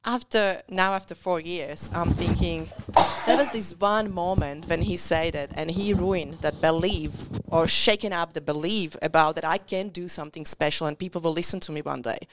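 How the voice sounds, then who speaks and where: A woman's voice: lowish voice, moderate pace, background noise. A woman with a Central European accent telling a candid personal story in an interview, speaking earnest, slightly non-native English as a business coach.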